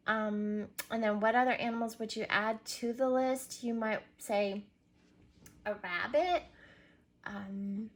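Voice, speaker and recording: A woman's voice: fairly high pitch, fairly bright tone. A woman teacher giving a recorded reading lesson to young children, patiently prompting and spelling words out letter by letter.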